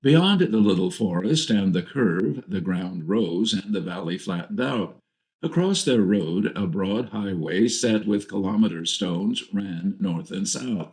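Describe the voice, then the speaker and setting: Low-voiced man reading a novel. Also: expressive, unhurried, a little mellow. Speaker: audiobook narrator. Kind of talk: scripted narration.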